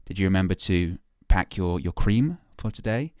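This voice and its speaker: A man doing an impression of a calm, serious, rational man who talks in a measured, soothing, lecturing way. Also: low voice, no echo, studio quality, pitched below the performer's own voice.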